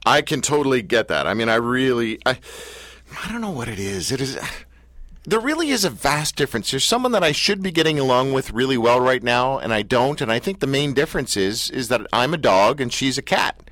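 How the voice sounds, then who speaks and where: Male talk-radio host, animated self-mocking storyteller, dry studio sound. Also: mid-range voice, brisk, dry recording. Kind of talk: casual radio interview.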